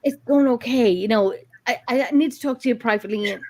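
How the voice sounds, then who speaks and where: A woman's voice: on the high side, fairly quick, a little mellow, a little hiss or hum. A woman chatting casually in a group, laughing easily and poking fun at herself. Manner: laughing, chatty and self-deprecating. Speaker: group chat participant.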